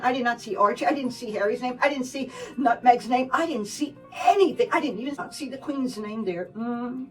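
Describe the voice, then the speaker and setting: A woman's voice: fairly high pitch, far from the mic, poor audio. Sarcastic rambling gossip woman. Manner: sarcastic, rambling, repeats herself. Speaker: gossip vlogger. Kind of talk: casual celebrity gossip chat.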